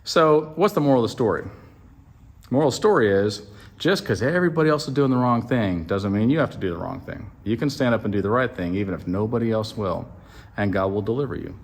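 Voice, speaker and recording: A man casually retelling a Bible story as a comedy bit, animated and full of joking asides to the listener. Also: fairly low pitch, a little fast.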